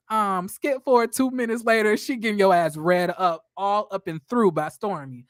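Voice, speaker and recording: A woman giving a casual, gossipy recap of a reality show, talking bluntly and laughing often as she goes. Her voice sits at an ordinary middle pitch. The sound is close and dry, with no room echo. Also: normal speed, few pauses. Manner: chatty and blunt, with frequent laughter and cursing. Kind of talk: casual episode recap commentary.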